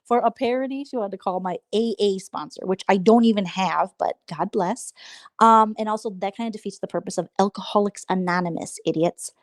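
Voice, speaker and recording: A woman chatting on a late-night livestream, gossiping in a rambling, sarcastic way. Her voice sits at a middling pitch and sounds dry and close, with no room around it. She mocks people she talks about. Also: brisk, no room sound. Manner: gossipy, mocking, mimics others in high squeaky voices. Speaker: livestream host.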